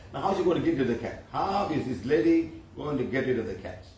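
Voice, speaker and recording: A man giving a casual, animated talk as a spiritual healer, laughing often and firing questions at his listeners. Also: medium pitch, fast talker, hardly any pauses. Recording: echoey room from far off, faint noise.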